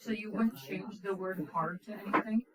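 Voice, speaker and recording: A student asks hesitant questions to check their understanding during a casual lesson. The voice sits in a middle pitch and sounds set back from the microphone. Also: moderate pace, recorded from a distance, very noisy.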